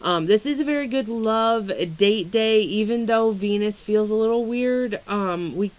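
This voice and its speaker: A woman's voice: fairly high pitch, measured pace, rough recording. A young woman talking casually in a vlog, rambling and candid, swearing freely and filling her talk with "like" and "um". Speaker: astrology content creator. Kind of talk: casual vlog about weight struggles and astrology.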